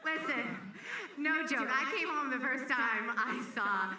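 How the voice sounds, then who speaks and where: A woman's voice: sits high, slow, a loud crowd. A woman co-hosting a drag pageant on stage, playful and teasing. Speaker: pageant co-host. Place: bar or club stage with a crowd. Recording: echoey room, far from the mic, faint noise.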